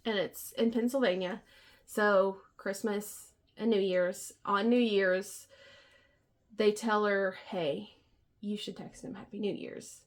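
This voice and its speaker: A woman's voice: medium pitch, steady tone, takes it slowly. A woman co-hosting a casual book podcast, retelling scenes with quoted lines and frequent laughter.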